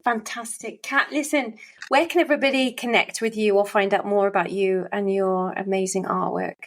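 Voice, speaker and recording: A woman's voice: medium pitch, fairly even intonation, normal speed. A woman from England with a British accent, hosting a podcast, upbeat and encouraging. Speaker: podcast host. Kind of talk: interview hosting and scripted outro.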